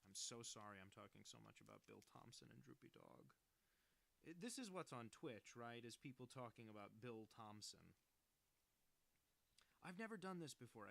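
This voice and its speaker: A man talking casually as he draws, in a rambling, self-deprecating way, close to the microphone. His voice has a gravelly fry and a bright, sharp edge. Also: on the low side. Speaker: cartoonist streaming while he works. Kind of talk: casual chat.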